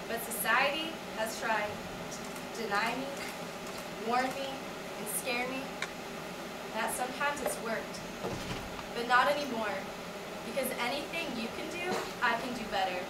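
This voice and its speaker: A young woman performing a spoken word monologue with defiant, emphatic declarations. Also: high-pitched. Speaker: student performer. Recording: echoey hall from far off, noisy.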